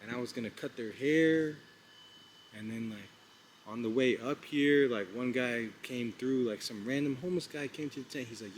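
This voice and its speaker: A young man vlogging outdoors at night, telling a story in a casual, excited, slangy way, rambling with lots of "like" and "bro". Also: mid-range voice, normal speed, poor audio. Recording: outdoor street noise with passing traffic.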